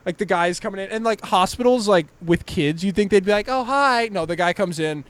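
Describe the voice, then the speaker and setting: A young man co-hosting a podcast, telling excitable stories that are full of swearing and "dude". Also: sits high, a little fast. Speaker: podcast co-host. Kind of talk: casual chat.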